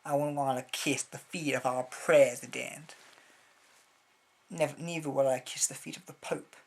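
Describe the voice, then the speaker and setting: A man's voice: medium pitch, steady tone, moderate pace, vocal fry. A man from Britain, rambling through a casual opinion vlog with blunt words and lots of hesitations. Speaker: vlogger.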